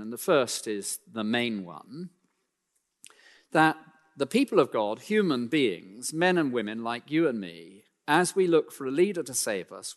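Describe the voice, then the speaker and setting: A male preacher of middle pitch giving a sermon, his voice carrying a long reverb as if in a large church. He presses his points emphatically, rising and then sinking to a hushed close, and slips in dry, self-mocking asides. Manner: emphatic, builds in pitch and volume then drops low and quiet.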